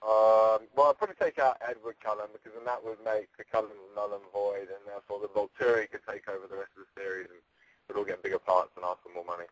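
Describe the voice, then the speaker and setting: A man's voice: fairly low pitch, fairly even intonation, quick pace, no echo, low-quality recording. Rambling, joking man on a call-in. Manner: rambling, jokey, stammers and restarts. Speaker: interview guest. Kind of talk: casual phone interview. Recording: radio call-in.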